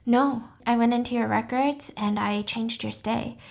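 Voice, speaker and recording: A woman's voice: on the high side, fairly even intonation, a little slow, vocal fry, darkish tone. A woman voicing an obsessive, clingy young man in a casually retold story, speaking in an earnest, protesting way.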